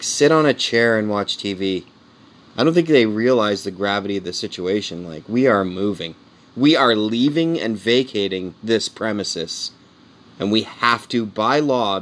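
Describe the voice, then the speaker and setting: 40s guy, kinda low voice, rambling casual monologue, says man and you know a lot, candid and earnest. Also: fairly bright tone, slight background noise. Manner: earnest and heartfelt. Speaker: comedian podcast host.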